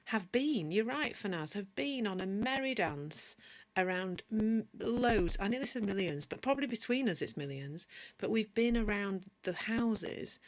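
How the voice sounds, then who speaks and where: A woman from Yorkshire with a mild Yorkshire accent, giving a chatty live-streamed teaching talk as a coach and answering viewer comments as she goes. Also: medium pitch. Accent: mild Yorkshire English. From Yorkshire, northern England. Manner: many restarts and self-corrections.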